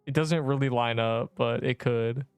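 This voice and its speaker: A hoarse young man casually chatting and joking while live-streaming a game. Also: medium pitch, steady tone, no room sound, soft background music. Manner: joking, chatty, quick to laugh.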